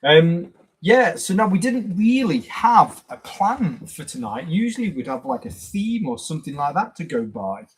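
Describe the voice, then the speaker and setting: Husky, rambling live stream host. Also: male voice, high-pitched, big pitch swings, moderate pace, low-quality recording. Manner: rambling, greets viewers by name. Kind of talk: casual live stream chat.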